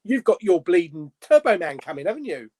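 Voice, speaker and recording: A high-pitched man hosts a relaxed live stream. He chats loosely and drops a casual swear now and then. He keeps a bantering tone with his guest. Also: brisk. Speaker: host.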